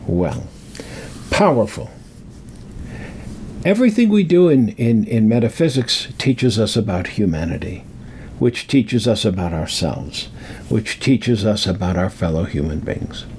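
Slow, meandering older man storyteller. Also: fairly low pitch, very animated, darkish tone, a little hiss or hum. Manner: meandering, repeats words for emphasis. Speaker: speaker on metaphysics. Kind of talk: rambling storytelling monologue.

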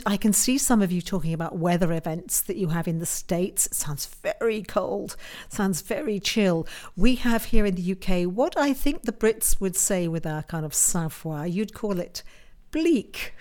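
Woman, croaky after flu, lowish voice, chatty live-stream host, laughs at herself. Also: a little mellow. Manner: chatty, self-mocking, laughs often. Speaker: host of a tarot and astrology show. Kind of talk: casual live-stream chat.

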